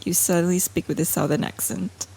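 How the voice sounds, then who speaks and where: A woman's voice: on the low side, fairly even intonation, fairly quick, gravelly, warm tone, slightly rough, rough recording. A woman guest chatting casually and teasing the host with short remarks. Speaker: guest reviewer. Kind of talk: casual chat.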